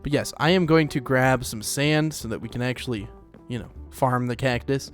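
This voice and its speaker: A man's voice: mid-range voice, normal speed, soft background music. Chatty man narrating his gameplay. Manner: rambling, chatty, lots of fillers and laughs. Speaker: let's play host. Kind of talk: casual gameplay commentary.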